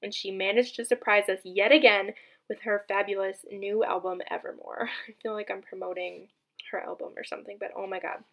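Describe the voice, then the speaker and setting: A woman's voice: medium pitch, steady tone, a little fast, a bit bright. A young woman hosting her own podcast, chatting casually and gushing, with lots of fillers and restarts. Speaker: podcast host. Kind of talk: casual solo podcast chat.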